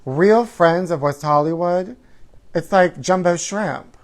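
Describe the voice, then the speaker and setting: Sassy campy host saying honey. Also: male voice, sits high, slow. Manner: sassy, theatrical, calls listeners honey and darling; sing-song chanting of catchphrases. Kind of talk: campy casual live-stream chat.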